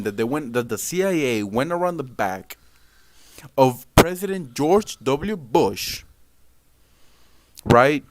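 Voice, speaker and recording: A man hosting a live political commentary stream, talking in an emphatic, loose way with sudden loud outbursts. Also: medium pitch, no room sound.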